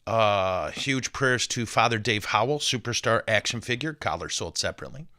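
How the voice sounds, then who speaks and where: A man's voice: lowish voice, expressive, moderate pace, pushed and bright, no room sound, clean studio sound. A man, a Catholic priest, hosting a podcast in a casual, joking, rambling way with self-deprecating asides.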